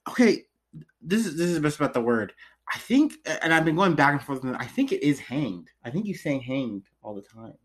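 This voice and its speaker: A man co-hosting a podcast, chatting casually with profanity and swinging between loud quips and quiet asides. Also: a little high, very animated, a little fast. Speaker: podcast co-host. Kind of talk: casual chat.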